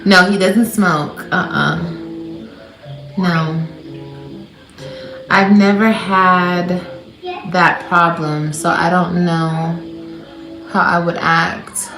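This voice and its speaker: A woman talking loosely to her viewers in an animated, rambling live chat. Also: lowish voice, extremely slow, creaky, long pauses, roomy sound, soft background music, low-quality recording. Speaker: livestreamer.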